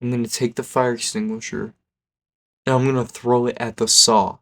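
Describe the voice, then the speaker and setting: A man's voice: mid-range voice, flat delivery, normal speed, natural voice. A man voicing a reckless, cocky teenage boy classmate who talks in casual slang.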